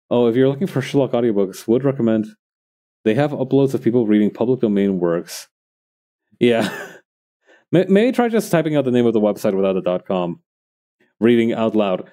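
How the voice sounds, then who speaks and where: A man's voice: mid-range voice, mellow. A man streaming while he crafts, chatting casually and thinking aloud to his viewers in a rambling way.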